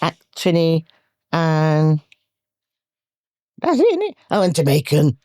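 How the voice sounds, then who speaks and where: A woman, a comic actress chatting as a podcast guest, playful and quick to laugh. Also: low voice, dry recording, clean studio sound. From London, England. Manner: playful, animated, laughs easily. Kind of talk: casual podcast chat.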